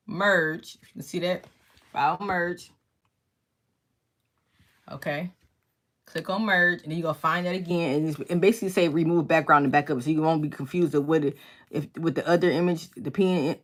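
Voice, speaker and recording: A woman with a low, deep speaking voice runs a casual crafting tutorial from her home workspace. She talks fast and keeps checking in with the viewer as she goes. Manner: fast-talking, checks in with "okay?" often. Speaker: crafting instructor. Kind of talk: casual screen-share tutorial.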